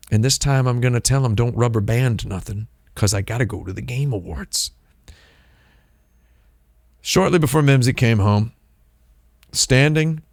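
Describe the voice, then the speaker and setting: A man hosting a live stream, talking in a rambling, deadpan comedic monologue and playing with made-up words. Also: no echo, clean studio sound. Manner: deadpan, playful with invented words, lively pitch swings. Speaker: streamer host.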